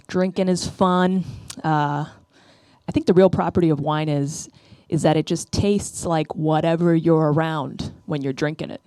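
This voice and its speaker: A woman's voice: deep voice, steady tone, unhurried, dark tone, no echo. A woman, doing a rambling, self-deprecating stand-up routine into a stage mic. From the Bronx, New York. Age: 30s. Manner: rambling, self-deprecating, asks "right?" often. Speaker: stand-up comedian. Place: comedy club stage.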